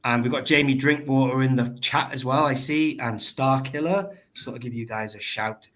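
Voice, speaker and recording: A man's voice: mid-range voice, a bit bright. Chatty man hosting a livestream. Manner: chatty, rambling, quick to laugh. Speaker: livestream host. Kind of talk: casual livestream chat. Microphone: laptop microphone.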